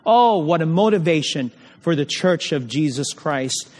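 Male preacher, high voice, slow and emphatic, rhetorical questions, sermon in a reverberant hall. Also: animated, darkish tone.

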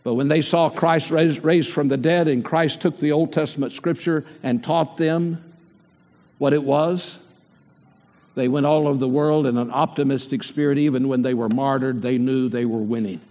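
An older man preaches a sermon, firing rhetorical questions at the congregation. His voice sits at a middle pitch and rings out with a long reverb trailing through the church sanctuary. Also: fairly even intonation, normal speed, darkish tone.

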